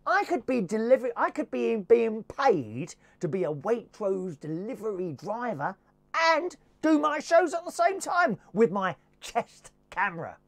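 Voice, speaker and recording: A man's voice: sits high, sing-song, a little slow. Camp guy doing a comedy rant, voice bounces up and down a lot, theatrical. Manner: camp, theatrical, puts on posh and working-class voices. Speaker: comedy presenter. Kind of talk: comic monologue with character voices.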